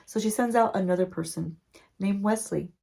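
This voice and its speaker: Chatty woman with a gravelly voice. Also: mid-range voice, moderate pace, mellow. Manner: chatty, playful, asides to viewers. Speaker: beauty vlogger. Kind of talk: story-time recap while doing makeup.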